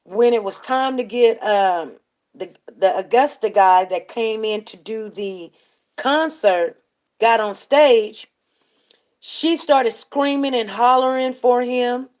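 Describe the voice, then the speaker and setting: Chatty woman hosting a slow live stream. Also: on the high side. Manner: chatty, breaks off to greet viewers by name. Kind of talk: casual storytelling commentary.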